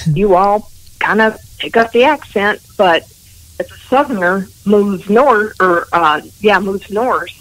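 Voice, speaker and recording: A woman's voice: medium pitch, slow, fairly bright tone, no room sound, poor audio. A woman with a Southern US accent, a guest in a casual podcast chat, easygoing and affectionate.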